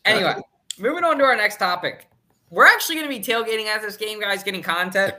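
A man's voice: high-pitched, quick pace, pushed and bright. Joking man hosting a podcast. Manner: joking, runs segments, laughs often. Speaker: podcast host. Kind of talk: casual podcast chat.

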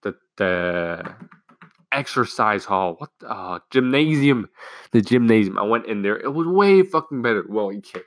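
A man's voice: on the low side, animated, measured pace, dry recording. A teenage boy rambling through a school story in a casual, profane way, full of restarts. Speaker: student telling a school story. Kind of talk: casual solo chat.

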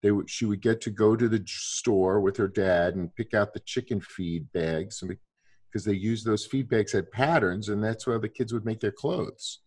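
Rambling low-voiced older man. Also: moderate pace, a little mellow, breathy edge. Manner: rambling, many restarts and "you know". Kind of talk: casual conversation.

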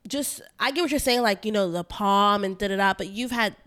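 A woman's voice: medium pitch, brisk, fairly bright tone. A young woman chatting casually as a podcast co-host, chiming in with short teasing remarks. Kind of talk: casual chat.

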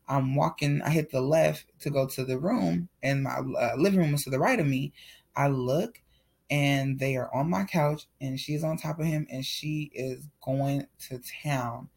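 A man's voice: mid-range voice, vocal fry. A man candidly telling a painful personal story in a loose, conversational way, full of "like" fillers.

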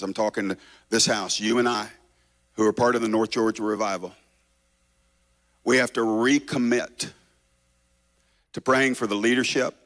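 A male pastor preaching an impassioned revival sermon, swinging between shouting and hushed tones. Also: medium pitch.

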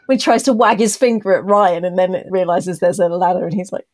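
A woman co-hosting a podcast in casual chat, talking through a TV episode in thoughtful, drawn-out explanations with a dry, self-deprecating humor. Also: on the low side, a little mellow. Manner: thoughtful, explains her views at length. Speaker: podcast co-host.

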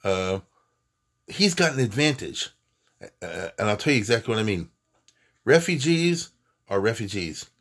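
Guy lecturing, rabbi vibe, excited asides, keeps restarting sentences. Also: on the low side, measured pace, gravelly, pauses often. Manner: animated, emphatic, conversational with many asides and restarts. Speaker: rabbi teaching Jewish history. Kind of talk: lively class talk, storytelling.

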